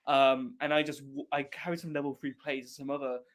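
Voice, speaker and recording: A man's voice: medium pitch, level tone, a little fast. A young man from Wales, telling a story as an interview guest in an offhand, profane way that keeps breaking into laughs. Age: young adult. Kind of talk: casual storytelling.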